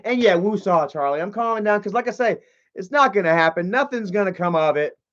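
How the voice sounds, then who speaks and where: A high-pitched man talks to his livestream chat, agitated and confrontational. He rambles with lots of fillers and restarts. The audio is dull and lo-fi. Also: expressive, fast, fairly bright tone.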